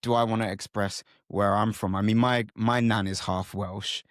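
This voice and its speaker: A man's voice: lowish voice, steady tone, moderate pace, no room sound, clean studio sound. A man hosting a podcast interview, talking in a thoughtful, reflective way. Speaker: podcast host.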